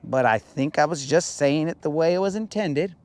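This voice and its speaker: A young man from New Mexico, talking casually and joking while bass fishing from a boat on a lake. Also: expressive, darkish tone. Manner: laid-back, jokey, drawn-out playful lines. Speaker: fishing vlogger.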